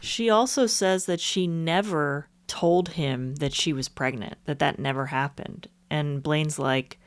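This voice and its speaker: A woman's voice: low voice, measured pace. A woman co-hosting a casual true crime podcast, giving blunt, scornful takes on the case. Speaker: podcast co-host.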